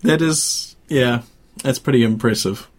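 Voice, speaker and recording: A man's voice: medium pitch, measured pace. Chuckling New man, rambling. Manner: laughs often, rambling with fillers. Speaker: podcast co-host. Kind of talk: casual chat.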